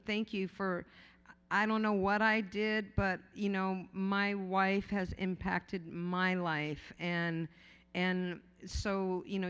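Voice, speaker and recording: A woman speaks off the cuff at a podium in a large hotel ballroom, her voice smooth and resonant as it rings out into a long hall reverb. She rambles candidly through an acceptance speech, joking, swearing casually and tripping over fillers and restarts. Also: medium pitch. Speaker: award honoree giving an acceptance speech.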